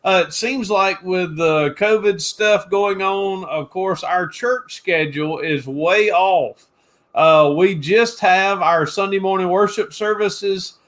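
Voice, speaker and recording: Male co-host, high voice, booming preacher delivery, folksy livestream chatter. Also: slow pace. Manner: folksy, loud and projecting, greets viewers by name. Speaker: pastor and co-host of a reseller livestream. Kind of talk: casual livestream chat.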